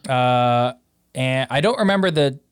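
A man's voice: medium pitch, expressive, a little slow, smooth, no room sound, studio quality. A young man in casual chat, easygoing and teasing, often laughing.

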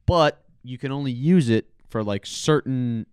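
A man's voice: medium pitch, measured pace, smooth, dry recording, clean studio sound. Rambling young man on a sports podcast. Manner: loose, rambling, lots of fillers. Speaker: podcast co-host. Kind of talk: casual sports chat.

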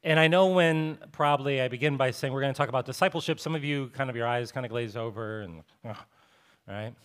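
A man in his thirties preaching a sermon as a pastor, telling a personal story in a relaxed, conversational way with self-deprecating humor. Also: medium pitch, fairly quick, smooth. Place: church sanctuary.

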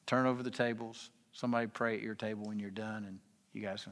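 A man's voice: fairly low pitch, steady tone, quick pace, a bit bright. A man giving an informal preaching talk as guest speaker at a men's gathering. He speaks in a confessional way and keeps asking the audience questions. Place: event hall with tables. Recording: long hall reverb.

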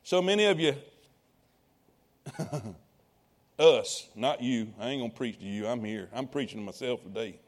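A man preaching a sermon, calling out to the congregation and swinging between quiet asides and loud appeals. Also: medium pitch, animated, a little slow, pauses often. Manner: call-and-response preaching to congregation.

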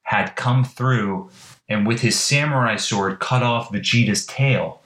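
A man's voice: mid-range voice, measured pace, a bit bright. A man in casual chat, recounting a story in a rambling, playful way full of filler words. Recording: echoey room.

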